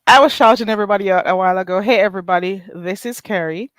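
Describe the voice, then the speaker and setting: A woman's voice: medium pitch, very fast, few pauses, no echo. A woman from Jamaica with a Jamaican accent, chatting casually and animatedly as host of a live stream, greeting viewers and laughing. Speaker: livestream host.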